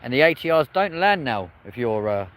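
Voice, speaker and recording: A man's voice: mid-range voice, big pitch swings, brisk, fairly bright tone. A man giving chatty, upbeat live commentary to his viewers outdoors beside an airport, recorded on a phone. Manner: chatty, upbeat, addresses viewers as friends and folks. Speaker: live-stream plane spotter.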